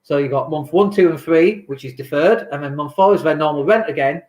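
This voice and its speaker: A chatty man talks loosely on a home livestream, drifting between topics and answering viewer comments. His voice sits fairly high for a man, and the room around him rings with echo. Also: fairly quick, a little mellow. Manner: chatty, rambling, reads viewer comments aloud. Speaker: property investor vlogger. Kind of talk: casual livestream talk. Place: home in lockdown. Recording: echoey room.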